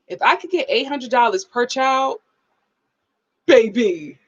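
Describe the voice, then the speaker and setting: A woman hosts a live review stream, her fairly high voice swinging widely in pitch. She chats casually, laughs a lot and reads viewer comments aloud. The stream audio sounds dull and lo-fi. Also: lively intonation, unhurried, pauses often, breathy edge. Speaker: live show host.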